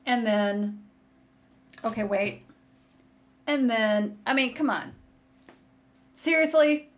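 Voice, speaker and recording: A woman hosting a knitting video podcast from a room at home, chatting casually and gushing excitedly to viewers as she shows yarn. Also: mid-range voice, slow. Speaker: podcast host. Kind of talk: casual chat showing yarn on camera. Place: home room with a curtain behind her. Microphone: desk setup facing a monitor.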